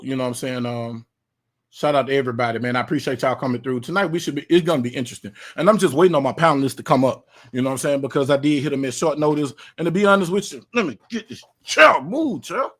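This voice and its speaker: A man hosting a casual live stream, talking in a loose, slangy way full of fillers. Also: mid-range voice. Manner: laid-back, slangy, filler-heavy talk. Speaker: livestream host.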